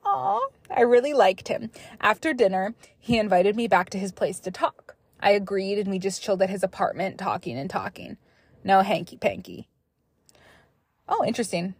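A young woman hosting a podcast, reading listener stories aloud and breaking off into chatty, animated asides. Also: mid-range voice, normal speed, husky, dry recording. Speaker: podcast host.

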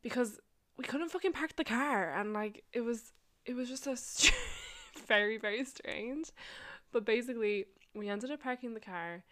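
A woman's voice: on the high side, moderate pace, a bit bright. A young woman vlogger casually telling a long story, rambling, swearing and laughing often.

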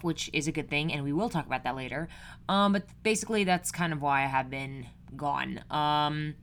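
A young woman in her twenties hosts her podcast solo. Her voice sits low for a woman, and she chats loosely, rambling through her asides with plenty of ums. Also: a bit bright. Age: 20s. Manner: chatty and rambling, many fillers. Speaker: podcast host. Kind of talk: casual solo podcast chat.

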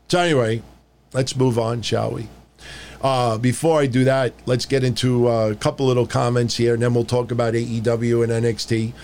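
A man's voice: medium pitch, moderate pace, vocal fry, a little mellow. A man hosting a casual podcast, ranting in a blunt, profane and mocking way. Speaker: podcast host. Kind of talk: casual wrestling podcast rant.

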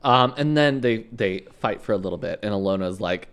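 A man's voice: lowish voice, animated, brisk, fairly bright tone, clear, resonant tone. A man from Canada co-hosting a casual recap chat, with a laid-back, profane way of telling the story. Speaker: podcast co-host.

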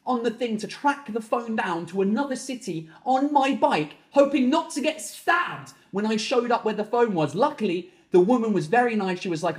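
A man hosting a comedy podcast, telling exasperated stories in an animated, swearing comic monologue from his garden home office. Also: sits high, normal speed, few pauses. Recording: echoey room.

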